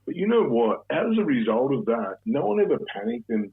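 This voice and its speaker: An Australian man, a guest on an interview show, telling stories in a relaxed, rambling way and swearing freely. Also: medium pitch, a little fast. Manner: relaxed, profane, rambling storyteller. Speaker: guest, former bank robber. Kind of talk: casual storytelling interview. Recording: narrow phone-like sound.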